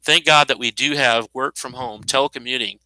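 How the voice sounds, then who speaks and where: A man's voice: mid-range voice, normal speed, bright, forceful tone, no room sound, low-quality recording. A man in his fifties giving an unscripted, indignant monologue, sarcastic and rambling, with frequent restarts. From United States. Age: 50s. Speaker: commentator.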